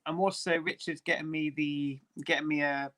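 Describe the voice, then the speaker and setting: A fairly high-voiced man talks as a guest on a live stream. He chats in a friendly, easygoing way. He laughs often between his remarks. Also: fairly even intonation, normal speed, fairly bright tone. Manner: chatty, laughs easily, friendly. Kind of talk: casual chat on a live stream.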